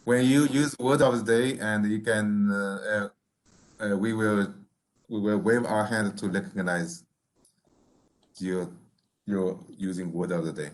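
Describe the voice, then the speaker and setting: A man presenting the word of the day at a club meeting over a video call, careful and halting. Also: lowish voice, level tone, low-quality recording. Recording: faint background noise.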